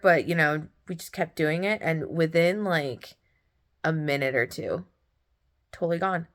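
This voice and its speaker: A woman's voice: on the low side, moderate pace. A young woman telling a story in a casual, gushing way, laughing often as she talks. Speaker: podcast host.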